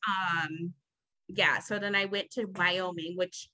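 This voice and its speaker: A woman's voice: lowish voice, fairly even intonation, a little slow, pushed and bright, low-quality recording. A young adult woman hosting a podcast, telling a long story in a casual, rambling, exasperated way with plenty of swearing. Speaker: podcast host.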